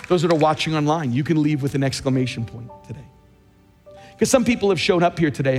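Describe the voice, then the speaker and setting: Emphatic pastor preaching in a big hall. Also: male voice, medium pitch, darkish tone, some chatter behind. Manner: emphatic, rising and slowing for key phrases. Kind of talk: sermon. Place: large church sanctuary. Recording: long hall reverb, faint music.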